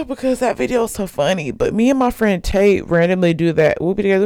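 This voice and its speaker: A woman's voice: mid-range voice, lively intonation, fairly quick, hardly any pauses, darkish tone, dry recording, studio quality. A young woman hosting a podcast in casual chat, gossipy and chatty, laughing often. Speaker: podcast host.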